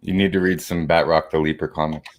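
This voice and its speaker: A laid-back man co-hosting a casual live stream, calmly arguing his points. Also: extremely low pitch, fast, no room sound. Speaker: podcast co-host.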